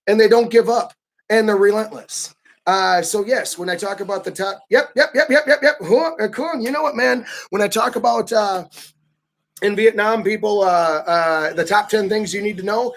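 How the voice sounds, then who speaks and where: A man giving a casual livestream talk, animated and often acting out the pushy voices of others. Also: sits high, moderate pace. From United States. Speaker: vlogger.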